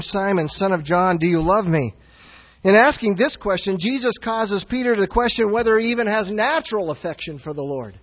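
A man preaching a sermon as pastor, earnest and searching, swinging from raised, near-shouted passages down to low, quiet ones. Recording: dull sound with long hall reverb.

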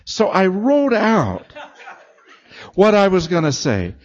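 A man preaching through a long story, slow and unhurried, his pitch swinging widely as he acts out each voice. The recording is dull and lo-fi. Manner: animated storytelling, acting out quoted voices. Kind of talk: storytelling sermon.

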